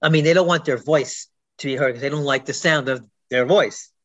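A man's voice: on the high side, a little fast, a bit bright, lo-fi sound. A man in a casual podcast chat, joking and self-deprecating.

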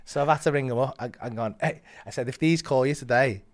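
A man's voice: mid-range voice, fast talker. A man, a stand-up comedian, telling a sweary anecdote in casual chat and acting out other people's lines. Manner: sweary, animated storytelling, frequent laughter. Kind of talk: casual anecdote with quoted voices.

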